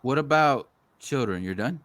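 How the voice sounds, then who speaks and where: Animated, swearing storyteller man. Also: medium pitch, moderate pace. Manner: animated storyteller, swears freely, acts out other people's lines. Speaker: podcast host. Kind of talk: casual chat.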